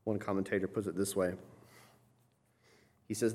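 A man preaching an expository sermon, explaining as he goes and often checking in with "right?", his voice building to loud, emphatic passages. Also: low voice, little pitch movement, normal speed.

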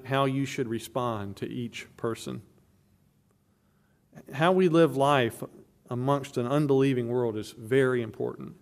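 A man's voice: mid-range voice, creaky. Man preaching an emphatic sermon. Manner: emphatic preaching with frequent restarts. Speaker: pastor.

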